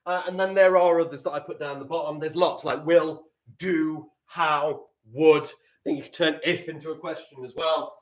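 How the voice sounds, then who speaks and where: An English man teaching a live online writing lesson to primary school children, playful and animated, with quiet asides. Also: a little high, moderate pace.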